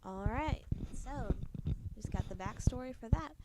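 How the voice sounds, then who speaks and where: A woman reading a children's book aloud in a gentle, expressive storytelling manner. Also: on the high side, measured pace, heavy background noise. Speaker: storybook reader.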